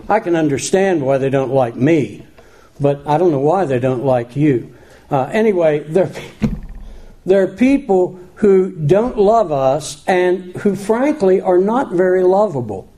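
A man's voice: high-pitched, warm tone. A man preaching a sermon, reading scripture and adding folksy, self-deprecating asides. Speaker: pastor.

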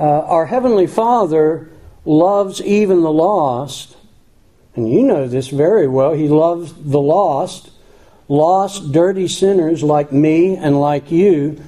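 A man's voice: on the high side, mellow. A man preaching a sermon, reading scripture and adding folksy, self-deprecating asides. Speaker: pastor.

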